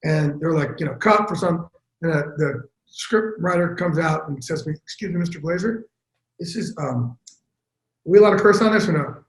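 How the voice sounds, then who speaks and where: A man telling stories as a guest in a casual, profane interview, animated and quick. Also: fairly high pitch, echoey room, poor audio. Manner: animated, profane, fast-talking storyteller. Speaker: interview guest, sports broadcaster. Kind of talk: casual storytelling chat.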